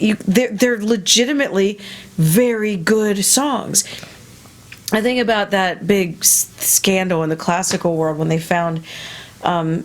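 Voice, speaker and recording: Woman, interview guest, opinionated and blunt, swears freely, casual talk. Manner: blunt, swearing, animated with sudden high quoted voices. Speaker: interviewed musician.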